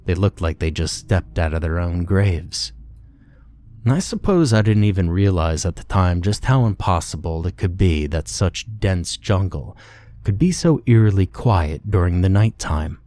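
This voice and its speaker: A man narrating a war horror story in a grim, measured, scripted way. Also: deep voice, lively intonation, dark tone, dry recording.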